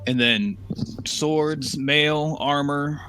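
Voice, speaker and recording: A man's voice: a little high, very slow, sharp tone, faint music behind, poor audio. A man, a player in a tabletop game, asking casual questions. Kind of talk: casual chat.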